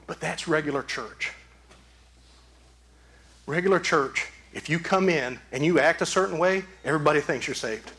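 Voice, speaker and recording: A man's voice: fairly high pitch, moderate pace, long pauses, a bit bright. A man preaching a sermon as pastor, emphatic, with repeated phrases. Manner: emphatic, repetitive preaching cadence.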